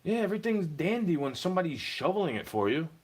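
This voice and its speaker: A man's voice: sits high, big pitch swings, fast talker, darkish tone, slightly rough. Profane, heated young man ranting to camera. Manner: profane, heated ranting with mocking put-on voices.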